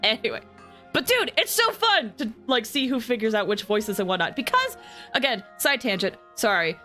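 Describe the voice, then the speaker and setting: A woman's voice: a little high, big pitch swings, normal speed, sharp tone. A woman game streamer giving casual commentary in a chatty, rambling, scattered way. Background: game music.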